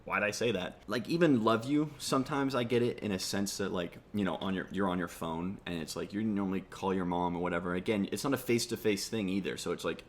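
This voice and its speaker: A young man giving rambling, sarcastic comedy commentary and swearing freely. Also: lowish voice. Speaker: comedy YouTuber.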